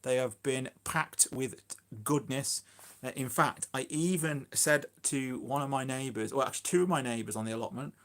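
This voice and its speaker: Man, casual live-stream chat, rambling, filler-heavy, phone mic, mid pitch. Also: steady tone, normal speed, a bit bright. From Shropshire, England. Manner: rambling, chatty, self-deprecating, full of fillers. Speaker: allotment gardener and live streamer.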